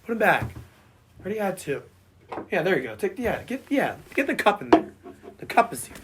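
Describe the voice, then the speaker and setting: A man co-hosting a casual sports podcast who has lost his voice and sounds hoarse and boyish, rambling and repeating himself as he talks sports. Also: sits high, big pitch swings, fairly quick, heavy background noise. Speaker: podcast co-host.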